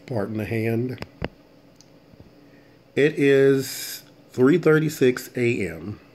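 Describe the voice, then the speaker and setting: Late at night and tired, a man hosts a casual tarot reading vlog, speaking in a mid-range, slightly mellow voice over a little hiss or hum. He rambles and chats as he thinks aloud, stifling yawns.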